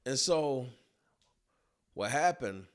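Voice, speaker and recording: A man and business owner telling a personal story in a colloquial, animated storytelling way. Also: medium pitch, very slow, smooth. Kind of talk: storytelling talk.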